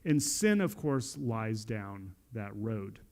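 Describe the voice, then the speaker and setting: A man preaching a sermon in a church, talking with lively emphasis and often restarting his phrases. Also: lowish voice, takes it slowly, creaky. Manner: animated preaching with frequent restarts. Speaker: pastor. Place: church sanctuary.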